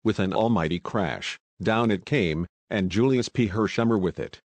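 Male audiobook narrator, low voice, dry close recording, steady storytelling. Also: moderate pace, dry recording. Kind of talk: audiobook reading.

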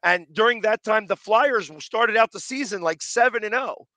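A man who makes sports-fan videos, talking in a casual interview with a loud, passionate manner and a slightly raspy, deepened voice. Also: no room sound. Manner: loud, passionate, quick restarts.

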